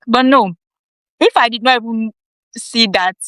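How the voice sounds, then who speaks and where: A woman's voice: on the high side, measured pace, pauses often, fairly bright tone, no echo, poor audio. A woman, a health educator and guest, giving earnest advice with occasional sound repetitions. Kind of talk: interview answers.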